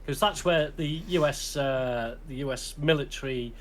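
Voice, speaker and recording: A man's voice: mid-range voice, normal speed. A man with a British accent, hosting a podcast and telling a long, rambling army anecdote in casual chat, laughing often and restarting his sentences. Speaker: podcast host.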